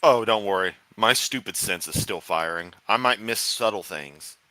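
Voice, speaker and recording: Bright, profane American streamer. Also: male voice, on the low side, normal speed, no room sound. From United States. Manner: profane, sarcastic, rambling. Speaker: streamer host. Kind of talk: casual reaction commentary. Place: room at home.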